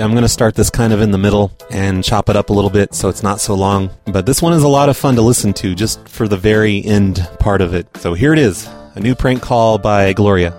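Low-voiced laid-back male podcast host. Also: a little mellow. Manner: laid-back, amused, rambling. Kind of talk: casual chat.

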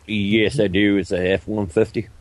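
Deep-voiced deadpan joking man. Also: moderate pace, no echo. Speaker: podcast co-host making a prank call. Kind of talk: casual chat.

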